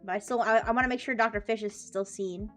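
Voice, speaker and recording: A woman's voice: medium pitch, fairly even intonation, fast talker, fairly bright tone. A woman streaming live and chatting casually, giggly, with frequent restarts, with faint music behind.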